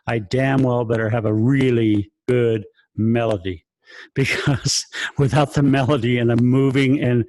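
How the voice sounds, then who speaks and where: Man, choir director, mid-pitched voice, rhetorical questions, video call sound. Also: a little mellow, dry recording. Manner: asks rhetorical questions, sings examples, chuckles often. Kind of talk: lecturing in an online rehearsal.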